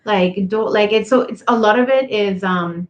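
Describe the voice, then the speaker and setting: A woman's voice: medium pitch, normal speed. A woman co-hosting a podcast, chatting casually and filling her sentences with "like". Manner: chatty, heavy use of "like". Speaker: podcast co-host. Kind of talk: casual chat. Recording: echoey, slightly dull remote audio.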